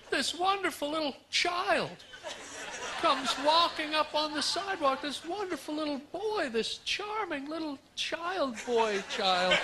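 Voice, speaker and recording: A man's voice: very high-pitched, background noise. A man doing a rambling stand-up comedy set on a club stage, riffing into absurd nonsense wordplay.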